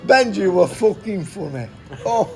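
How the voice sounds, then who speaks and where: A man's voice: sits high, sing-song, a little slow, vocal fry, music in the background. A man telling a rambling anecdote, swearing constantly and repeating himself. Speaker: storyteller.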